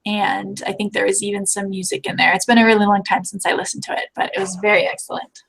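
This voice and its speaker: A woman co-hosting a casual book chat, relaxed and trailing off mid-thought. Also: mid-range voice, quick pace, gravelly, slight background noise, low-quality recording.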